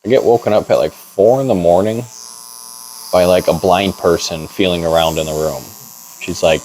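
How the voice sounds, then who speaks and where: A man's voice: deep voice, moderate pace, darkish tone, slight background noise, low-quality recording. A young man casually telling a long story in a barbershop, laid-back and full of "like". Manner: rambling, laid-back, heavy on "like".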